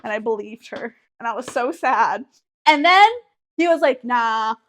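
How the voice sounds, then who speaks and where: A young woman co-hosting a podcast, telling a story in a casual, animated way with plenty of swearing. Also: a little high, normal speed. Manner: animated, swearing, exaggerated retelling. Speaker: podcast co-host.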